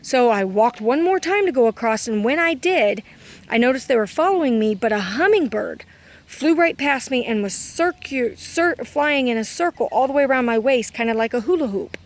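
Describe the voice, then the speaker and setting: A woman's voice: on the high side, animated, moderate pace. Rambling woman recounting dreams. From Kentucky. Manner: rambling, self-correcting, full of "um" and "like". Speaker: vlogger. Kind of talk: casual storytelling of dreams.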